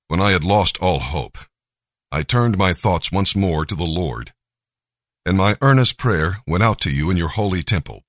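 A man's voice: low voice, a bit bright, no echo, clean studio sound, heavily acted. A man voicing a penitent runaway prophet in a scripted scripture reading.

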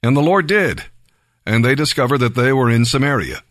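A man reading scripture aloud in a slow, deliberate, measured way. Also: medium pitch, expressive, a bit bright, dry recording, studio quality. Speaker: Bible reader.

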